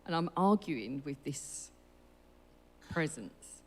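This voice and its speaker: A woman's voice: low-pitched, unhurried, a little mellow. A woman telling her church testimony in a chatty, storytelling way, acting out the dialogue. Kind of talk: casual spoken testimony. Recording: long hall reverb.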